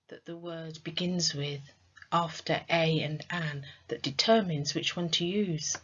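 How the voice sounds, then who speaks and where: Woman, online tutor, unhurried quizzing delivery, lowish pitch, lo-fi sound. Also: lively intonation, bright, forceful tone. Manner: slow, clear teacher's delivery with quizzing questions. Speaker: English tutor. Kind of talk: online English lesson.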